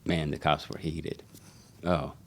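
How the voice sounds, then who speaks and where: Low gravelly-voiced man telling stories. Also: takes it slowly. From Seattle. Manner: animated storyteller who acts out quotes, swears freely. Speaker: barber and shop owner, guest. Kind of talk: casual storytelling.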